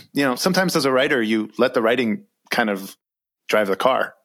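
A young adult man with an American accent, reflecting earnestly in an interview with an occasional soft laugh. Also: medium pitch, animated, a little fast. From Iran. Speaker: author and guest.

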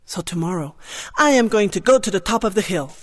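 A woman telling a first-person tale with strong expression, moving from hushed to loud with drawn-out repetitions. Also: medium pitch, lively intonation. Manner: drawn-out repetitions and soft exclamations. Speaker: storyteller. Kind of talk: dramatic first-person storytelling.

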